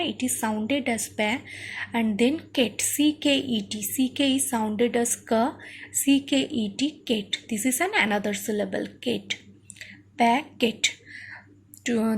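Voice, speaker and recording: A woman's voice: a little high, a little hiss or hum. A woman teacher giving a phonics lesson, spelling words out letter by letter and often checking in with "okay?".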